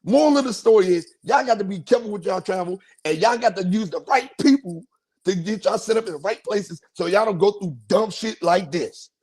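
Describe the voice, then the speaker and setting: High-voiced man telling a slangy story. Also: brisk, breathy edge. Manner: animated, slangy, acts out quotes in a raised voice. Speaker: podcast host. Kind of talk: casual storytelling.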